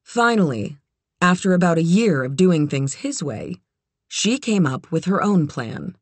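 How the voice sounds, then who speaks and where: An audiobook narrator reading a novel in even, measured scripted narration. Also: mid-range voice, no room sound.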